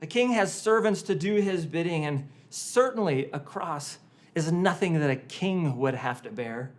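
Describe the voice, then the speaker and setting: In his sermon, a pastor tells a story theatrically, alternating between forceful loud passages and quiet, hushed ones, occasionally repeating words for emphasis. He sounds somewhat high, animated, and a little slow.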